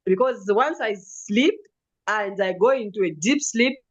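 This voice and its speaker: A woman telling her own story as a vivid, animated testimonial. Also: medium pitch, unhurried, highs cut off. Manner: vivid storytelling with acted quotes and laughs. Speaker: customer giving a testimonial.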